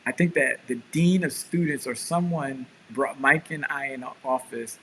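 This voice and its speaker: A man's voice: mid-range voice, normal speed, vocal fry, slight background noise, poor audio. A man, a pastor and show co-host, telling a story in casual chat and acting out the quotes. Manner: animated storyteller, acts out quotes.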